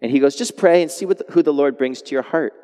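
A man preaching a sermon as a pastor, animated, moving between quiet lines and loud exclamations. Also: fairly high pitch, fast talker. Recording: long hall reverb.

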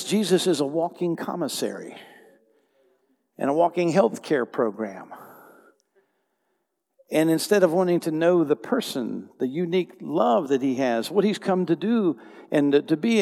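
A man's voice: on the high side, lively intonation, moderate pace, gravelly, a little mellow. An older man preaching a conversational sermon as pastor, repeating phrases and restarting his sentences. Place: church hall. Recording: long hall reverb.

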